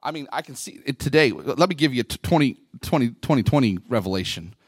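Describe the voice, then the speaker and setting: A middle-aged male pastor preaching a Pentecostal sermon into a microphone in a church, talking conversationally and then swelling into loud, fervent bursts. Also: mid-range voice, animated, fast talker, no echo, clean studio sound. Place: church sanctuary. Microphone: handheld microphone at the pulpit.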